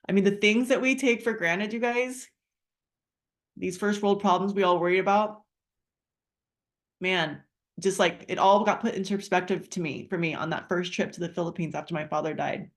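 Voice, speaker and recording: A middle-aged woman telling a heartfelt personal story and pitching a wellness business in a chatty way, with many fillers and restarts. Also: brisk.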